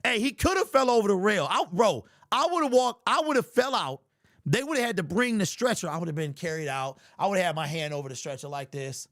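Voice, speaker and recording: Sports host, man, high voice with bouncy swings; jokey, over-the-top, slangy delivery. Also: fairly quick, no echo, clean studio sound. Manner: animated, joking and hyperbolic, slangy. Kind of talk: casual sports commentary.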